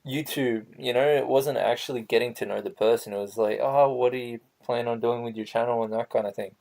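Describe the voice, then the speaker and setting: A male interviewer with a mid-pitched voice who keeps the chat loose and casual. He jokes as he asks his questions and throws in crude asides. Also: steady tone, brisk, creaky, darkish tone. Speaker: interviewer, channel host.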